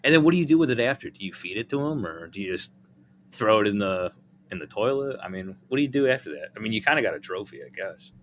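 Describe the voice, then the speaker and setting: A man's voice: lowish voice, fast talker, a little hiss or hum. A man hosting a casual podcast chat, swearing freely and breaking into laughter. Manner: profane, laughing, animated. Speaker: host.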